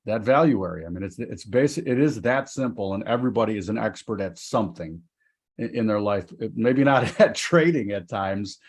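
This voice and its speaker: A man's voice: lowish voice, lively intonation, a little fast. A man hosting a casual markets talk show, loose and rambling, laughing easily. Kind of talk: casual chat.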